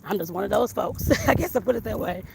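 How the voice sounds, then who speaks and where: Walking outdoors on a hot sunny street, a southern Arizona home baker and life coach talks fast in a creaky, mid-range voice, a bit winded. She rambles casually about her business, repeating "like I said" and "I guess I put it that way," over loud wind and street noise.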